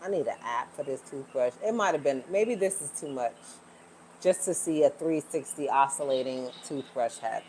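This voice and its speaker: A woman's voice: rumbling low, animated, moderate pace, darkish tone, a little hiss or hum. A woman hosting a casual livestream from home, chatting with viewers and laughing often. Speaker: livestream host.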